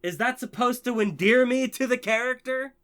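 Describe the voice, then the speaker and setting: A man ranting passionately on his own channel, heavily profane and swinging between biting sarcasm and loud, excited enthusiasm. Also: very high voice, moderate pace, clean tone. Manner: profane, heated, swings from sarcasm to shouting joy. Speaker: channel host. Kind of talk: impassioned ranting vlog.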